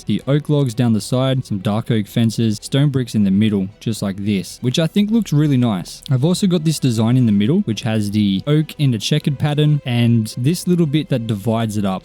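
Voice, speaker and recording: Young male gamer voice-over, relaxed mellow tone, easygoing self-mocking chatter over faint music. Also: medium pitch. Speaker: gaming YouTuber. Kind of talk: casual gameplay commentary.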